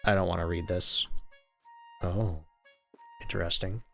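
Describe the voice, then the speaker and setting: A man's voice: low voice, fairly even intonation, unhurried, creaky, fairly bright tone, soft background music. A man streaming a game, chatting casually with wry, muttered asides. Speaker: let's-play streamer. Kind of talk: casual gameplay commentary.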